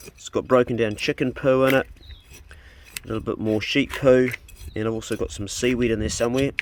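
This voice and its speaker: A man's voice: medium pitch, steady tone, brisk, slight background noise. A man with a New Zealand accent, chatting casually through a farm vlog filmed outdoors on his phone, talking to his animals as he goes. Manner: chatty, easygoing, talks to animals. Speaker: vlogger.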